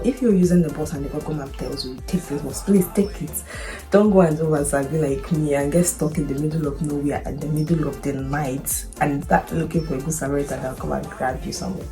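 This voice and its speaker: A woman's voice: sits low, mellow. A woman from Nigeria, a nurse, telling a personal story and giving advice in an earnest, chatty way full of "you know" and repeats. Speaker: international nurse, vlogger.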